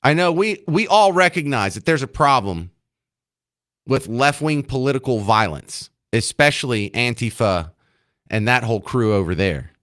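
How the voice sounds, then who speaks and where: A man's voice: medium pitch, expressive, normal speed, fairly bright tone. A man hosting a talk radio show, delivering a sarcastic, combative opinion monologue from a studio.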